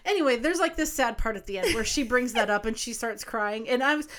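A woman co-hosting a podcast, telling a rambling story in an animated, casual way. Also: fairly high pitch, a little fast, slight background noise. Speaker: podcast co-host. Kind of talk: casual chat.

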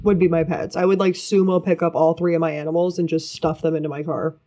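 A co-host chatting casually on a streamed show, laid-back and quick to laugh. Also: medium pitch, flat delivery, mellow. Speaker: podcast co-host. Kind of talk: casual chat.

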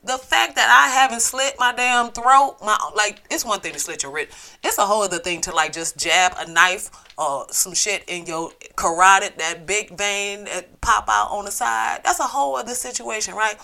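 A woman's voice: medium pitch, moderate pace, gravelly, sharp tone. A woman hosting a solo podcast, ranting in a blunt, profane, sassy way. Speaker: podcast host.

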